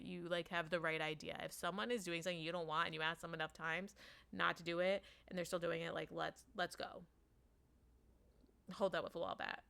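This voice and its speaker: With a lowish, sharp, clean voice, a woman chats her way through a parenting story. She leans heavily on "like" and performs the quoted lines herself.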